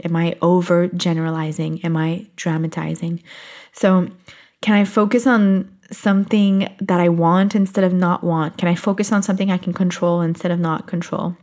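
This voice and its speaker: Speaking in a lowish voice, this woman encourages her viewers through a soft-spoken self-help talk. Frequent laughter colors her delivery, and she takes her time over the important points.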